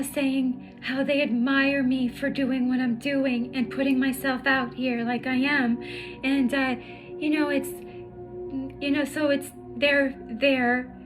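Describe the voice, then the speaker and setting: A high-voiced woman talks slowly and wearily, pausing often and restarting her sentences as she opens up in a personal vlog. Her tone is emotional and searching. Soft music plays clearly beneath her voice. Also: low-quality recording. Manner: halting, many fillers and restarts, emotional. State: tired. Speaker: spiritual vlogger. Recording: music playing in the background.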